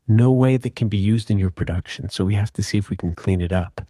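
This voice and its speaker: Man, low voice, dry close sound, calm step-by-step tutorial narration. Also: quick pace, breathy edge, no room sound. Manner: calm, methodical explaining. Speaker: audio repair tutor. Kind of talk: screen-recorded software tutorial.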